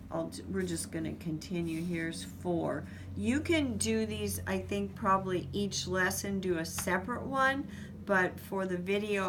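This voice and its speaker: A middle-aged woman demonstrates handwriting for young readers, walking through each stroke at a slow, patient pace. Her voice sits a little low, with a faint hum of room noise behind her. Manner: slow, patient, explains step by step. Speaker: reading teacher. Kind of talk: instructional demonstration.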